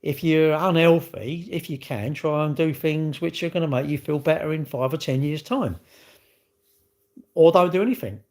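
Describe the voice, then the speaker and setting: A man's voice: a little high, normal speed, darkish tone. A middle-aged man with a British accent, rambling bluntly in slangy casual chat while answering a livestream chat.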